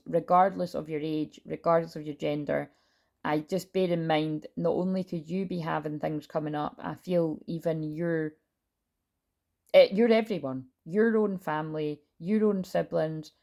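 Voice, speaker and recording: Woman tarot reader, low gravelly voice, loud and sweary, casual. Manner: loud, chatty, swears freely. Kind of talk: casual tarot reading monologue. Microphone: built-in camera mic, no lapel.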